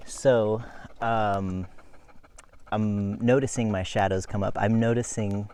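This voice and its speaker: A man's voice: fairly low pitch, steady tone, slow, mellow, smooth. A man talking to his camera while cycling uphill outdoors, chatty, laughing and out of breath. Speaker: cycling vlogger. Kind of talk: casual vlog while riding. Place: outdoors, riding a bike uphill. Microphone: phone camera held while cycling.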